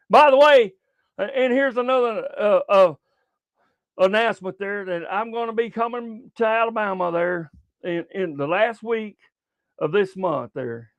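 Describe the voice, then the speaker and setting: Older guy, high voice, dry close sound, cussing sports talk host. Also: a little slow, pauses often, no room sound. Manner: profane, repetitive, stumbling restarts. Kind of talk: casual rambling sports talk.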